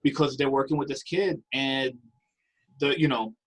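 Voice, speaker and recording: A man speaking as a panelist, telling about home visits in a halting way with pauses and fillers. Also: medium pitch, fairly even intonation, low-quality recording. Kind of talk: conference panel talk.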